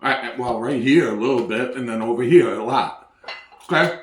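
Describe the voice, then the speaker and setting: A man's voice: medium pitch, normal speed, echoey room, slight background noise. A man hosting a casual cooking video, joking loosely, hyping his viewers and talking while he eats. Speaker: home cooking video host.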